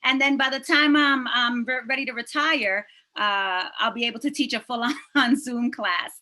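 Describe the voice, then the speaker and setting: A woman hosts a poetry night over a video call, chatty and quick to poke fun at herself. Her voice is bright and forward and sits a little high. She laughs easily between lines. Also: low-quality recording. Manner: chatty, self-deprecating, laughs while talking. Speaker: host and teacher. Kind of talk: casual event hosting.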